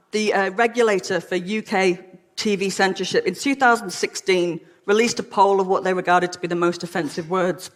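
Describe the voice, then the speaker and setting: An Englishwoman giving a humorous public talk in a frank, witty, playful way. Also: mid-range voice. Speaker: lecturer. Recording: long hall reverb.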